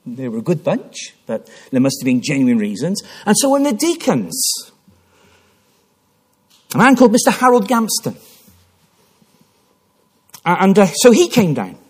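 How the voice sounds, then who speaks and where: A man delivers a sermon in a church. His voice is husky and sits a little high. His delivery swings widely in pitch, full of passionate restarts. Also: wildly swooping pitch, measured pace, pauses often, darkish tone. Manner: impassioned storytelling with repeated restarts. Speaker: preacher.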